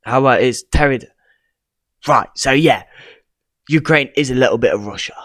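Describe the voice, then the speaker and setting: Young male vlogger, rambling and hesitant, dry close sound, mid pitch. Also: normal speed, long pauses, fairly bright tone, no echo. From England. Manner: rambling, hesitant, reading from a screen. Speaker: YouTuber. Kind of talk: casual vlog commentary.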